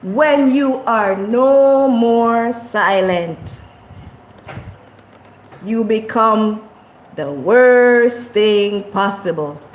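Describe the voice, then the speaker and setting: A high-pitched woman talks slowly and passionately to her viewers, driving her points home through repetition. Her preachy delivery rings out in a room with a noticeable echo. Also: slight background noise. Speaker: vlogger. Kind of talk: casual motivational talk. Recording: echoey room.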